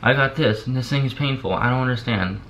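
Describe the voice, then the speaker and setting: A young man vlogs to camera in loose, casual talk, sleepy on pain meds and hardly opening his mouth, rambling with repeated words and lots of "like." His mid-range voice is creaky and a bit bright, and he speaks fast. The recording sounds dull and lo-fi, with faint hiss in the background.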